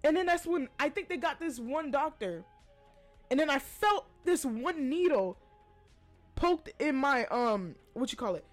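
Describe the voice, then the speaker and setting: A young woman hosting a podcast, casually telling a personal story with lots of animated asides and quoted voices. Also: sits high, unhurried, soft background music. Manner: chatty, animated retelling with quoted voices and laughs. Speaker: podcast host.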